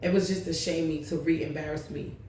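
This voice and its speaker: A woman's voice: deep voice, fairly even intonation, a little fast, dark tone, a little hiss or hum. A woman hosting her tarot channel, telling a long personal story in a blunt, profane, rambling way. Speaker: tarot reader, channel host. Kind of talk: casual storytelling vlog. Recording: very echoey room.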